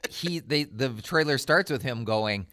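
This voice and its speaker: A man's voice: medium pitch, animated, a little slow, background noise. A man co-hosting a podcast in casual chat, hesitant with many fillers and dry jokes. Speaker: podcast co-host.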